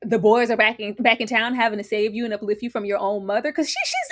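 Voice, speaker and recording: A woman co-hosting a casual chat about a TV episode, animated and laughing often. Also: a little high, fairly quick, hardly any pauses. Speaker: podcast co-host.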